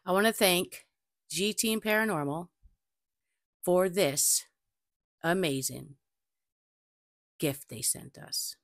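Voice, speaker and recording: A woman with a notably low voice chats to her viewers as host of her own channel, telling stories with animation and doubling back on her points. She talks into a desk mic, and the sound is close and dry. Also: slow pace, pauses often, no room sound. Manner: chatty, animated storytelling, repeats herself. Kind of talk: casual chat to camera.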